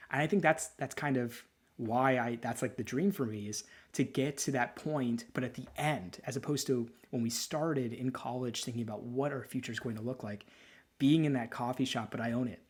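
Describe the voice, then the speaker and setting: Husky thirtyish male lawyer, podcast co-host; loose, sentimental, restarts a lot. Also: medium pitch, normal speed. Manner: rambling, candid and sentimental, with frequent restarts. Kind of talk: casual chat.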